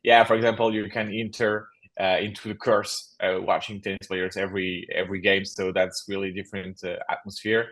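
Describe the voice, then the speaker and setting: Hesitant man guesting on a podcast, flat delivery. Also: low voice, brisk. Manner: hesitant, with many uhs and non-native phrasing. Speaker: guest, company founder. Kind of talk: podcast interview answers.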